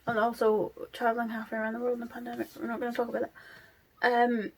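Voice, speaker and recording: A woman's voice: fairly high pitch, completely flat delivery, fast talker, slightly rough. A woman, chatting casually about books as a vlogger, rambling with many fillers and restarts. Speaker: book vlogger. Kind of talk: casual chat.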